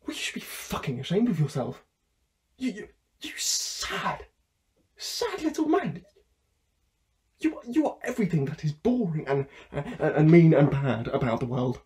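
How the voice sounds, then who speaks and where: A man's voice: a little high, lively intonation, brisk, hardly any pauses, warm tone, close to an everyday voice. A man playing a stammering, desperate young courier. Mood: furious. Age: young adult. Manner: stammering, pleading, bursts of anger. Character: desperate young male food courier on a phone call. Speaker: student actor. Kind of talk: theatre monologue performed online.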